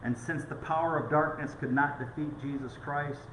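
A middle-aged pastor preaching a conversational sermon with stories. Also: male voice, fairly high pitch, fairly even intonation, normal speed, slight background noise. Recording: echoey room.

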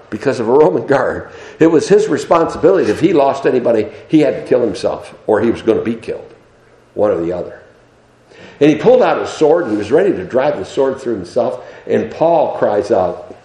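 A male American preacher delivering a sermon, dropping to low murmurs and then rising to high, shouted emphasis. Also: sing-song, normal speed, reverberant, poor audio.

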